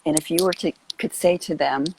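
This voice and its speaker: A woman's voice: deep voice, fairly even intonation, brisk, a little mellow, a little hiss or hum, poor audio. A woman hosting a casual live chat on a video call, earnest and rambling with lots of fillers. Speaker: host.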